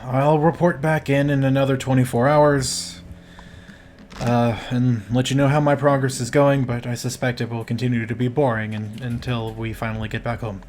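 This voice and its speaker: A man's voice: medium pitch, flat delivery, moderate pace, darkish tone, a little hiss or hum, close to an everyday voice. A man playing a wry, teasing noblewoman sister. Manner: dry, wry needling. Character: sly teasing noblewoman sister, female adult. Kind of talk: tabletop role-play character voice.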